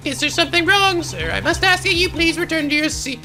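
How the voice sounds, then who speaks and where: A man's voice: very high-pitched, animated, fairly quick, over music. A man voicing a prim young female flight attendant who makes formal, stiffly polite announcements. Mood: stern.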